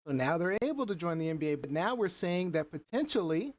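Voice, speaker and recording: A woman's voice: lowish voice, sing-song, quick pace, darkish tone. A woman hosting a live panel show, thinking aloud with questions and reading out viewer comments. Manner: questioning, hesitant, many fillers and restarts.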